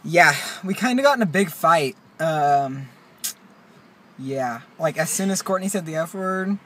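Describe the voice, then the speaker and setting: A man's voice: a little high, expressive, a little slow, slight background noise. A young man, chatting and joking on a casual outdoor vlog, recorded on a handheld camera. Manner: joking, laughing, shouting at times. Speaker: vlogger. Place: outdoors at a park and gas station.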